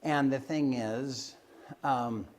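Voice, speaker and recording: A man's voice: mid-range voice, extremely slow, darkish tone. A man telling stories from his healing work in a loose, hesitant way, with many fillers and restarts, and acting out the voices of the people he quotes. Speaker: Christian Science healer telling of his work. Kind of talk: informal storytelling talk.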